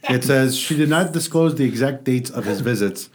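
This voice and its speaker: A man's voice: mid-range voice, expressive, moderate pace. Joking man reading news aloud. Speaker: podcast co-host. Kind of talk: casual group chat.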